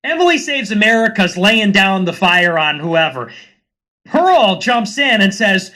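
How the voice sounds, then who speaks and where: A man with a high, bright voice delivers a loose, rambling monologue as a livestream host. His tone is sarcastic throughout, and he keeps wandering from one aside to the next. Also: very animated, unhurried. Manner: sarcastic, rambling, slips into mocking put-on voices. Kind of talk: casual ranting monologue.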